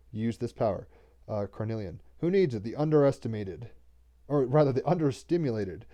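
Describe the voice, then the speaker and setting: A man gives a daily card reading in a rambling spoken style. He restarts words often and drops a casual curse now and then. His voice is warm and mellow, with a middle pitch. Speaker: tarot card reader.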